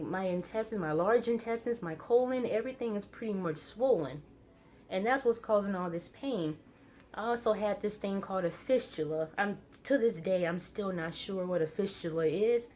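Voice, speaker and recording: A young woman talks through a personal story in a casual vlog. She uses plenty of fillers and trails into quick, rising bursts at tense moments. Her pitch sits in the middle for a woman. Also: a little mellow, slight background noise. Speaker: vlogger.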